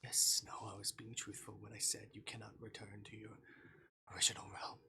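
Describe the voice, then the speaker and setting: Casting: whispered role-play, a penitent fae captor, formal hushed delivery, bright airy tone. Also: male voice, lowish voice, completely flat delivery, brisk, gravelly, husky, full character voice. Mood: remorseful. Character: remorseful soft-spoken male fae captor.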